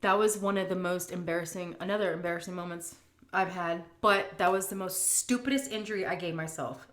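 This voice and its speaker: A middle-aged woman talks to her viewers between bites, chatty and animated, slipping in plenty of fillers. Her voice sits a little low for a woman. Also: brisk. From United States. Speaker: food vlogger. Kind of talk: casual storytelling and Q&A.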